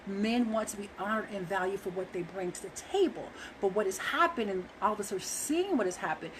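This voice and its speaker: A woman's voice: medium pitch, lively intonation, fairly quick, noisy background. A woman talking earnestly to viewers about relationships, emphatic and loose, with frequent fillers. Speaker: relationship speaker. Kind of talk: casual monologue to viewers.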